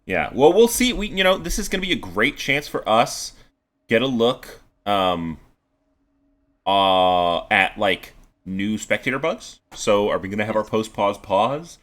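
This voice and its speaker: A man's voice: lowish voice, expressive, measured pace, fairly bright tone. A man casting an amateur esports league on a live stream, chatting casually and doing playful, mock-formal sponsor reads. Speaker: esports caster.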